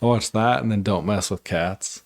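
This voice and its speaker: Laid-back low-voiced male podcast host. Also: normal speed, vocal fry, a little mellow. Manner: laid-back, slangy, calls the other man dude. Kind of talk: casual podcast chat.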